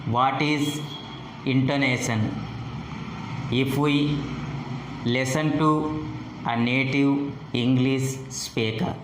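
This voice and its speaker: A man teaching a lesson on intonation, speaking in short halting phrases and demonstrating rising and falling pitch. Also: fairly even intonation, echoey room, background noise. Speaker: English teacher. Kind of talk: slow deliberate phonetics lesson.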